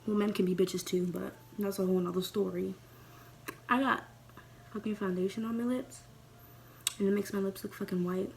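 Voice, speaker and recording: Young woman vlogger, gravelly and creaky, playful and profane casual chat, faint noise behind. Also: medium pitch, steady tone, brisk, a little mellow. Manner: chatty, profane, rambling and playful. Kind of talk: casual sit-down chat while doing makeup. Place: at home.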